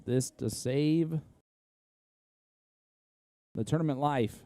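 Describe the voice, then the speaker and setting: A man's voice: fairly high pitch, slow, mellow, dry recording, studio quality. A man from Indiana with an Indiana accent giving casual, analytical play-by-play commentary on a live darts match.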